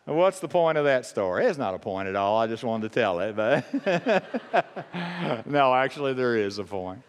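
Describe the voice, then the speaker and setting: A man preaches a sermon in an ordinary middle-pitched voice, emphatic and animated, driving his points home through repetition. A long reverb hangs around every phrase in the church hall. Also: a little slow. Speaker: pastor.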